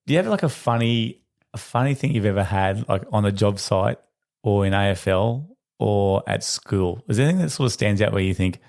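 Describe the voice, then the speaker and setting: A middle-aged man with an Australian accent hosting a casual podcast chat, chatty and quick to agree. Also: fairly low pitch, creaky, darkish tone. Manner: chatty, quick, affirms with frequent yeahs. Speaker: podcast host, teacher.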